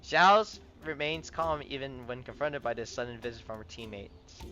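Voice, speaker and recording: A man's voice: medium pitch, normal speed, bright, forceful tone, faint music behind. Man reading game text, stumbling. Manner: stumbles and restarts often while reading. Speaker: game player reading the story aloud. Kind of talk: casual read-aloud of game text.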